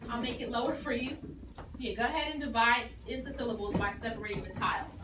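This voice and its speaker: A woman's voice: on the high side, fast talker. A woman teacher giving a phonics lesson to a class, explaining patiently and encouragingly. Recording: echoey room from far off with noise.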